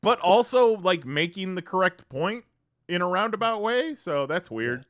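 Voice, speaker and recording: A man's voice: high voice, big pitch swings, moderate pace, a bit bright, no room sound, studio quality. A man co-hosting a podcast, joking and sarcastic in casual chat. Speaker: podcast co-host.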